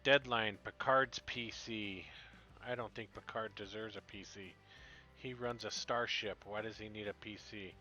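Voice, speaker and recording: A man's voice: fairly low pitch, fairly even intonation, a little slow, pushed and bright, dull audio, faint music behind. A man playing a computer-building game, joking wryly as he reads the messages aloud. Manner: wry, joking asides. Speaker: gaming channel host. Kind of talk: let's play commentary.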